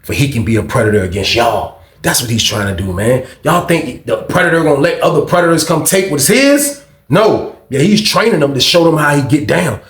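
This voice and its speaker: A man hosting his channel, telling a storytime tale in an animated, profane street style. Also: fairly high pitch, a little fast. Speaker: channel host. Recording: echoey room.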